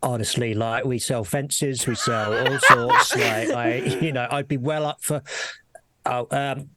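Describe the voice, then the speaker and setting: A man's voice: medium pitch, fairly even intonation, measured pace. A man on a comedy panel, flustered and apologetic. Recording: loud noisy line.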